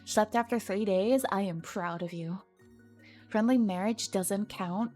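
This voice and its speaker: A woman's voice: mid-range voice, a little slow, mellow, soft background music. A young woman streaming her art, chatting casually and teasing her viewers as she reads their messages.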